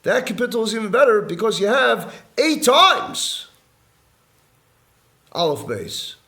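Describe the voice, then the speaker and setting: A man's voice: sits high, very animated, unhurried, pushed and bright. A man, a rabbi, teaching a live class in an indoor room, explaining earnestly and emphatically and repeating key phrases. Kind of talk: religious study lecture to a live class. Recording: echoey room.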